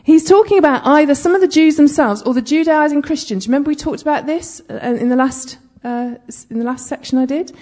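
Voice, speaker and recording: A woman's voice: high voice, fairly quick, hardly any pauses, darkish tone. A woman giving conversational Bible teaching, chatty, with humorous asides and frequent check-ins with her listeners.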